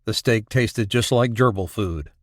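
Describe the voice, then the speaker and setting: A man reading an audiobook as scripted narration, in a steady, even storytelling manner. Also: lowish voice, a little slow, no echo, clean studio sound.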